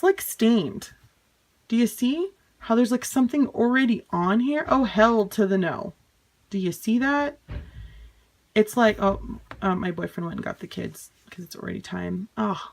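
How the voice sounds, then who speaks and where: A young woman in a casual home unboxing vlog, chatty and exasperated, swearing and laughing things off. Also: medium pitch. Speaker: vlogger.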